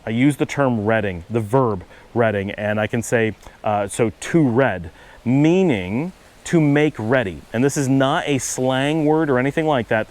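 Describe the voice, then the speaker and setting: A man's voice: mid-range voice, poor audio. A middle-aged man from Western New York with a Buffalo accent, talking casually and patiently, with asides and self-corrections. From Western New York, USA. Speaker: channel host. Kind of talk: casual explanatory monologue.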